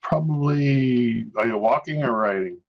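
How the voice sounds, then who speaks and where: A man voicing a calm, devout village priest in a tabletop game, his accent changing as he goes. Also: mid-range voice, highs cut off, voice pushed up, close to an everyday voice. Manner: accent keeps switching, slow and patient.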